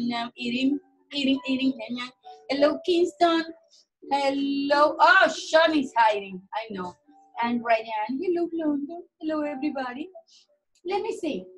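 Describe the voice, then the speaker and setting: A high-voiced woman teaches little children over a video call from home. She talks slowly and draws her greetings out in a sing-song way. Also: fairly bright tone. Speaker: preschool teacher. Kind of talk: online class with young children.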